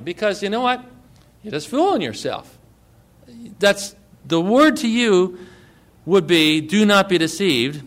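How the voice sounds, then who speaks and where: High-voiced man preaching emphatically. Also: very animated, unhurried. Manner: emphatic preaching, swinging between loud stresses and quiet asides; direct questions to the congregation. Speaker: pastor. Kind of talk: sermon.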